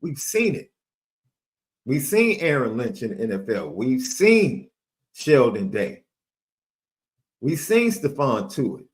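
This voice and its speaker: A man's voice: medium pitch, very animated, slow, pauses often. A man co-hosting a sports podcast, talking emphatically and repeating phrases for effect. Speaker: podcast co-host. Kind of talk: animated sports talk.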